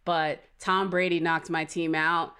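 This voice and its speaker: A woman's voice: low voice, little pitch movement, measured pace, pushed and bright, clear, resonant tone. A woman co-hosting a podcast, chatting casually and frankly, with a lot of filler words. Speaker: podcast co-host.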